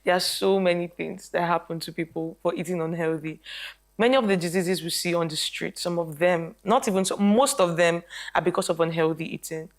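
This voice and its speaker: A woman's voice: lowish voice, fairly quick. A woman who is a health practitioner, speaking on a panel show and animatedly telling stories about clients, acting out their lines. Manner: animated storytelling, quotes people. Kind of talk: casual panel talk.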